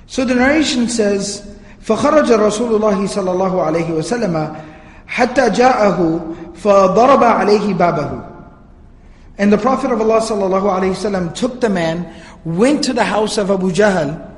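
A man's voice: sits high, rapid-fire. A man giving a religious history lecture, telling the story earnestly and reciting Arabic passages. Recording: echoey hall reverb.

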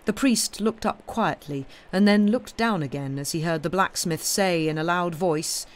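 A man reading a classic mystery story aloud in a steady storytelling manner on a live stream. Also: high voice, normal speed, few pauses. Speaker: reader.

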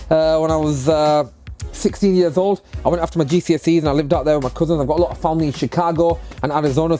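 A man's voice: fairly high pitch, warm tone. A man talking casually to camera in a vlog, upbeat and chatty, outdoors beside a bus. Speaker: vlogger and bus converter.

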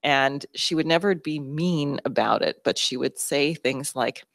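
A woman addresses a town hall audience in a low voice. She comes across as intense and driven, restarting her sentences as she thinks aloud. The sound is dry and close. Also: measured pace, vocal fry. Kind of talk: public talk to an audience.

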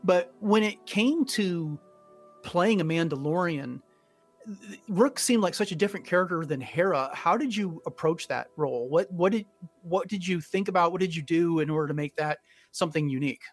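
A man's voice: fairly high pitch, normal speed, soft background music. A man hosting a podcast interview, asking curious, long follow-up questions. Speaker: podcast host.

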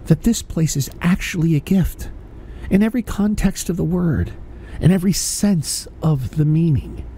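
A man putting on a deep slow optimist voice. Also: warm tone, a little hiss or hum, lightly acted. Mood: earnest.

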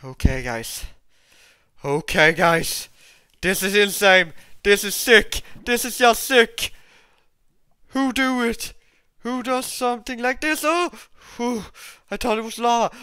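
Excitable gameplay commentator, dry close sound. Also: mid-range voice, slow pace, clear, resonant tone, no room sound. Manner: excitable, repeats exclamations, talks to viewers. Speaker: gameplay video host.

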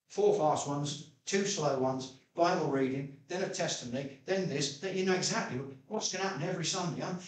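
A man preaching a sermon as pastor, telling stories in a chatty way and jumping high in pitch when he quotes himself. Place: church hall. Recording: echoey church room, mic at a distance.

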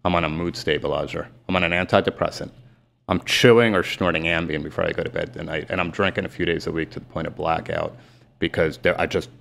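Deep gravelly man telling his story. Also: fairly even intonation, a bit bright. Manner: emphatic, retells dialogue in rapid bursts. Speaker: guest, sports and celebrity agent. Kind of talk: candid storytelling interview.

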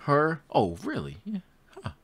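A young man casually reacting to a cartoon for his stream chat, loud and laughing, riffing with slang and repeating himself. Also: fairly high pitch, huge pitch swings, a little slow, slightly rough, no echo. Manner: loud, laughing, repetitive slang-heavy riffs.

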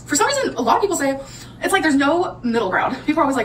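A woman's voice: high voice, very animated, racing, recorded from a distance. A woman rambling chattily to her viewers in a casual cooking and eating vlog. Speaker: vlogger. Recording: noisy audio from off-mic.

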